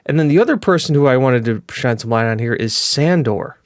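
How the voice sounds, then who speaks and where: A man's voice: mid-range voice, animated, fairly quick, no echo. Chatty man, dry close sound. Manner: chatty, rambling, with fillers and self-corrections. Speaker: gaming video host. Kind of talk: casual gameplay commentary.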